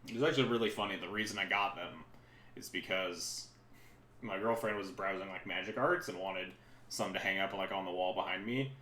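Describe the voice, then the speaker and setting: A man's voice: low voice, a little fast, bright, forceful tone, reverberant. A man streaming a card game from home, giving casual, rambling commentary that keeps breaking off mid-sentence. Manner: chatty, rambling, self-interrupting. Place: room at home.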